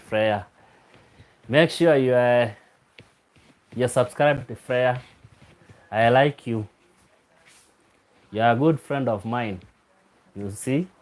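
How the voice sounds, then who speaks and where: Slow-talking man chatting on a live stream. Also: medium pitch, darkish tone. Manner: laughing often, teasing and repeating a viewer's name. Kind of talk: casual live stream chat reading comments.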